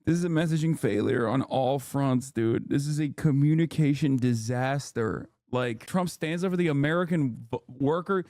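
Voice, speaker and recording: A man streaming from his living room, giving political commentary in an animated, exasperated rant with blunt slang. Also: mid-range voice, moderate pace, hardly any pauses, no room sound, clean studio sound. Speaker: Twitch streamer.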